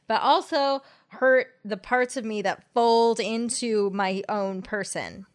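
A woman co-hosting a podcast, telling stories in an animated, conversational way with frequent "like". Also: a little high, slow pace. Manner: animated, laughing storyteller with frequent "like". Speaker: podcast co-host. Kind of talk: casual chat.

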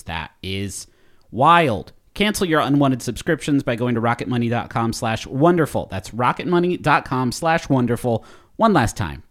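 A man co-hosting a podcast, joking around in casual chat and reading a playful ad. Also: medium pitch. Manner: goofy, joking, animated. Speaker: podcast co-host.

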